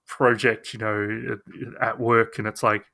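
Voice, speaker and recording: A man's voice: lowish voice, level tone, a little slow, creaky, sharp tone, no echo, clean studio sound. A man co-hosting a podcast in casual chat, hedging with his opinions, often restarting and sometimes sarcastic. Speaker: podcast co-host.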